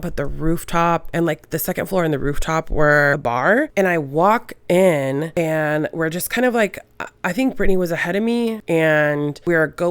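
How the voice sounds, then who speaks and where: A woman's voice: fairly low pitch, dry recording. Young female host, casual and profane storyteller; dry, close sound. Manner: swears freely, animated retelling with quoted voices. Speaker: podcast host.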